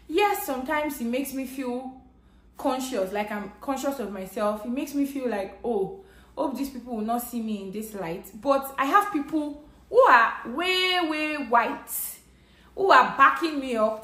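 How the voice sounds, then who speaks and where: A woman from Nigeria with a Nigerian English accent speaks to her vlog audience in an earnest, conversational way. Her voice sits a little high. The recording has a noticeable roomy echo. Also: a bit bright. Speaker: vlogger. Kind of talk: personal storytelling to camera. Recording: echoey room.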